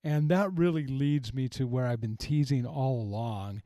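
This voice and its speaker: A middle-aged male pastor talks through a point of faith in an earnest, reflective way, often circling back to restart his thought. His voice is warm and mellow. The sound is close and dry, with no room around it. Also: medium pitch, normal speed, dry recording. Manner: earnest, reflective, with frequent restarts and retold quotes. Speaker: pastor, podcast host. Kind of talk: conversational teaching on faith.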